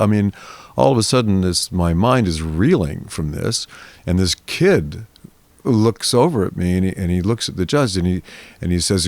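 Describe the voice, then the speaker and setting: An older man, a guest on a podcast interview, telling a long story in a lively way and acting out the voices of the people in it. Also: sits low, moderate pace, vocal fry, no echo.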